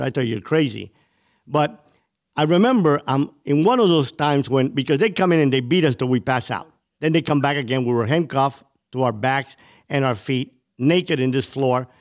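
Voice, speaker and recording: A man's voice: mid-range voice, a little fast. A man from Cuba telling his life story as an interview guest, intense and vivid.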